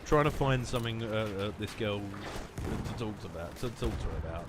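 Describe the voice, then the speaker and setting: A man's voice: fairly low pitch, lively intonation, normal speed, noisy background. A young man hosting a gaming channel, rambling through joking, sarcastic commentary and laughing often. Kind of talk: casual gameplay commentary. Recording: clear game gunfire behind voice.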